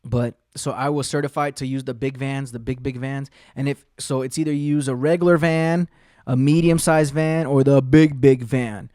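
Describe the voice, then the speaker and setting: A man's mellow, mid-range voice with fairly even intonation moves at normal speed, captured cleanly in the studio with no echo. As podcast host, he delivers a rambling, heavily profane story casually, performing the other people's dialogue.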